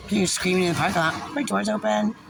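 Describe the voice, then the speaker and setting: Raspy, furious New woman. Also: mid-range voice, fairly even intonation, background noise. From New Jersey. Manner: angry, profane, fast when passionate. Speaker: parent venting about a social services agency. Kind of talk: profane ranting vlog.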